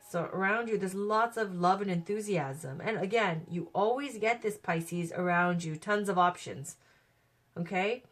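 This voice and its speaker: A woman with a cold and a hoarse voice, giving a chatty, upbeat tarot reading. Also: medium pitch, fairly bright tone. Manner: chatty, upbeat, thinks aloud. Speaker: tarot reader.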